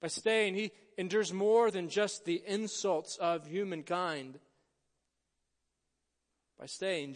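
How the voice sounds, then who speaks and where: A male pastor in his thirties giving an earnest sermon in church, swinging from emphatic peaks to soft, low stresses. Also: in a large hall. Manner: earnest preaching, rising to emphatic stresses then dropping soft. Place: church sanctuary.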